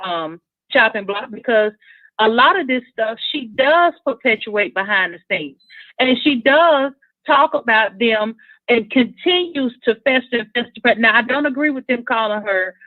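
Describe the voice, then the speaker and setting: A woman's voice: a little high, expressive, moderate pace, no room sound. A woman calling into a live talk show, speaking her mind with some rambling restarts. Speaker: caller. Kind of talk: call-in show opinion. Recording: tinny phone line, dry.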